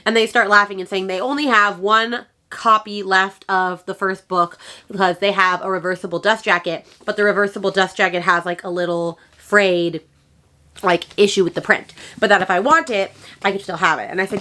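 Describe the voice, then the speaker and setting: A woman's voice: medium pitch, fairly quick, sharp tone. A woman book vlogger chatting casually and enthusiastically, gushing and rambling with fillers as she shows her book haul.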